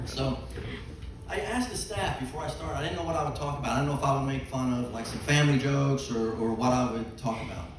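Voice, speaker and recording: A man's voice: medium pitch, quick pace. A man doing a roast at a comedy night, rambling and teasing in a self-deprecating way. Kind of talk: roast stand-up. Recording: echoey room, far mic, loud background noise.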